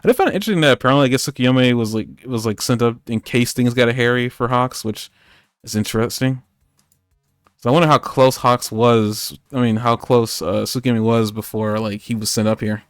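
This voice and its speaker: A man's voice: mid-range voice, a little fast, clear, resonant tone, no room sound, studio quality, faint music behind. A man co-hosting a podcast, recapping an anime episode in casual, rambling chat with lots of fillers and jokes. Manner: rambling, joking, many fillers. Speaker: podcast co-host.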